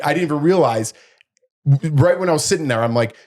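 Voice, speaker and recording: A middle-aged man co-hosting a podcast, telling a story in casual chat and jumping up in pitch to act out what people said. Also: fairly quick. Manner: animated, acts out quotes in a raised voice. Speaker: podcast co-host.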